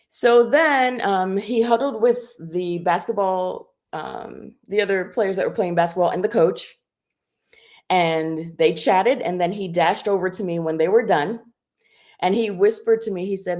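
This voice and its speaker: Lowish-voiced woman telling a story. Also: animated, measured pace, a little mellow. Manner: storytelling, many fillers. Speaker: guest. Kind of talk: casual live-stream chat.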